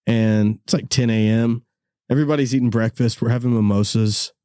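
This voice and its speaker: A man with a mid-range, dark voice speaks fairly quickly in a steady tone, recorded cleanly on a corded studio mic in a studio room with no echo. He's a podcast host telling casual, rambling stories, swearing freely, laughing often, and calling people "dude" in a laid-back way.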